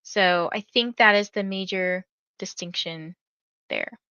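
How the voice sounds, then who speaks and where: A woman's voice: medium pitch, slow pace, sharp tone, smooth, no echo, muffled recording. A young woman hosting a reading livestream, chatting casually with viewers and reading out their comments, with lots of fillers. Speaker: livestream host reading books.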